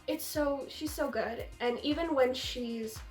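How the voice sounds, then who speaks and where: A woman's voice: high voice, measured pace, reverberant, soft background music. A young woman hosting a casual film discussion, gushing enthusiastically and acting out quotes. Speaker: film review host.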